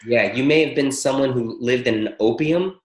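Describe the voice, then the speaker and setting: An excitable man teaching a spiritual workshop over a call, cursing freely as he talks. His voice sits in a middle pitch range. The room around him is noticeably echoey. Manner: excitable, swears freely, rapid-fire incantation lists. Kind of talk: live teaching call with interpreter.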